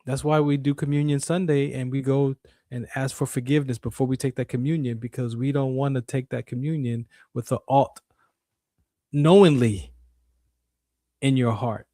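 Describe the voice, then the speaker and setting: A man's voice: mid-range voice, fairly even intonation, moderate pace, warm tone, dry recording, clean studio sound. A man hosting a radio show, giving an emphatic, repetitive faith talk monologue in a preacher-like way.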